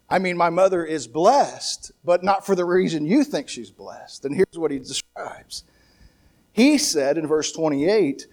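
A man's voice: fairly high pitch, animated, unhurried. A man preaching a sermon in a conversational way, with restarts and asides, lifting his voice when he quotes scripture. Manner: talks with restarts and asides, light laughs.

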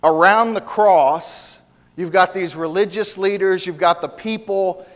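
Male preacher, fairly high voice, emphatic and repetitive, long hall reverb. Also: a little slow. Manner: emphatic, repetitive, with frequent restarts. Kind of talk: sermon.

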